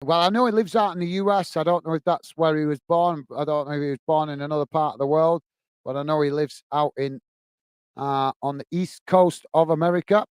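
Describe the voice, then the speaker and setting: A man hosting a football watch-along, commentating on the match and chatting warmly with viewers in the chat. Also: a little high, fairly even intonation, brisk, clean tone, dry recording. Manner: chatty, says "mate" a lot, reads chat messages aloud.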